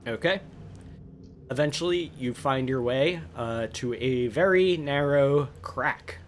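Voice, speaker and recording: A man narrating a tabletop game as game master, often pausing with fillers as he describes scenes. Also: mid-range voice, a little hiss or hum. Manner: hesitant, filler-heavy narration.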